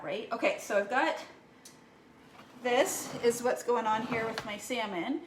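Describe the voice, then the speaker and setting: A woman with a slightly high voice chats away while she cooks, rambling from thought to thought. The kitchen is echoey, and background noise can be heard clearly throughout. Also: a little slow. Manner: chatty, rambling, frequent "right?" and "like". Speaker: cooking vlogger. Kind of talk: casual chat while cooking. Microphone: camera mic.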